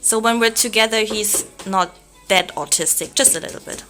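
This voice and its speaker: A woman appearing as a guest on a casual cooking stream, laid-back and gently teasing. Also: medium pitch, normal speed, loud music behind the voice. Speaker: host's girlfriend, guest. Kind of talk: casual chat.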